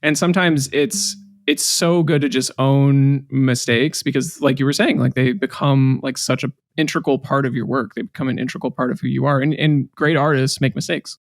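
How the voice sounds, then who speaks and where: A man's voice: mid-range voice, fairly even intonation, moderate pace, hardly any pauses, dry recording, studio quality. A man co-hosting a podcast in casual chat, rambling and jokey, full of fillers and restarts. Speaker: podcast co-host.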